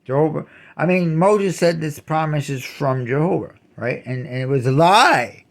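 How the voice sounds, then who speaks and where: A man delivering an indignant ranting monologue, repeating and restarting his words and shouting out accusations. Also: on the high side, moderate pace, creaky. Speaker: channel host.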